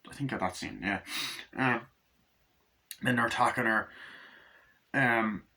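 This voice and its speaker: A man reviewing a film in a loose, rambling way, swearing freely and filling gaps with "like" and "um". His voice sounds bright and forward, at an ordinary male pitch. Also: a little slow. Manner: rambling, profane, full of fillers. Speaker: movie reviewer. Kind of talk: casual film recap.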